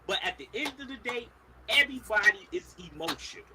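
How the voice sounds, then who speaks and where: A man's voice: extremely high pitch, expressive, fairly quick, very noisy. A man co-hosting a casual radio talk show, breaking his points down in a preachy way.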